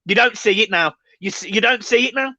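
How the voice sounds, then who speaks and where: A man's voice: high voice, brisk, pushed and bright, dry recording. A man co-hosting a fan channel, agitated and swearing, stumbling over words in a football reaction chat. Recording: dry, dull lo-fi sound.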